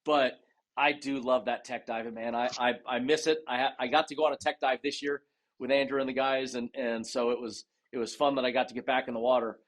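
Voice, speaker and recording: A man telling stories as a podcast guest in a casual, animated way, acting out dialogue and often restarting his sentences. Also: medium pitch, brisk. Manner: animated storyteller who acts out dialogue, with frequent restarts. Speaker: guest, retired race car driver and dive master. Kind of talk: casual storytelling interview.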